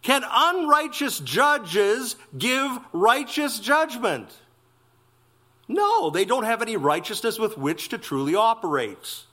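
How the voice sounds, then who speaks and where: A man preaching an expository sermon in a church, emphatic and exclamatory, stressing phrases slowly. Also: very high-pitched, very animated, pushed and bright. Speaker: pastor.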